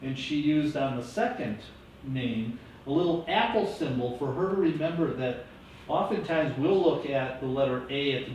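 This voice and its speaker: A man teaching a classroom lecture, lively and coaching his students. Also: mid-range voice. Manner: lively, coaching students through name pronunciation. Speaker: teacher educator. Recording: echoey classroom from far off, faint hiss.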